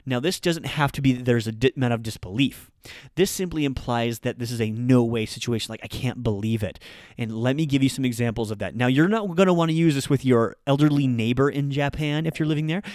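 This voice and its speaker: A man's voice: medium pitch, darkish tone, dry recording. A man talks through a casual language lesson in an upbeat, chatty way. He drifts into small asides as he goes. The sound is dry and close. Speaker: Japanese teacher.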